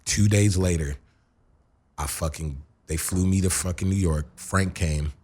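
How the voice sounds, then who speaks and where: A man's voice: deep voice, unhurried, darkish tone, husky. A man as a radio interview guest, telling a rambling, profane story full of fillers and restarts. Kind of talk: casual storytelling. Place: radio studio.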